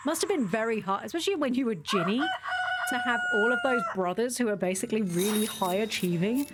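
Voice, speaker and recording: A woman's voice: fairly high pitch, expressive, fairly quick, heavy background noise. A young woman streaming a game, chatting casually and sarcastically, often giggling as she rambles. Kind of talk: casual chat while gaming.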